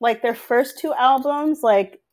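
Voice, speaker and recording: A woman's voice: high-pitched, a little slow, darkish tone. A woman in casual chat, speaking in loose, rambling phrases with constant fillers.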